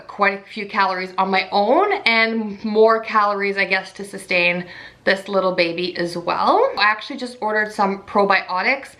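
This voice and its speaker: A woman's voice: mid-range voice, sharp tone. A young pregnant woman in casual vlog chat, chatty and full of "like". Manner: chatty, says "like" often. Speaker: pregnancy vlogger.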